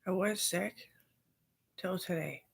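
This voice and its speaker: A woman's voice: on the low side, slow, vocal fry, husky. A young woman and mother chatting casually and profanely, rambling through stories and quoting other people's voices. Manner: profane, storytelling with quoted voices.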